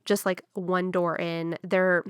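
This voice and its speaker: A woman's voice: lowish voice, flat delivery, slow, clean tone, no echo, clean studio sound. A young woman casually telling a true story on a podcast, chatty and full of fillers.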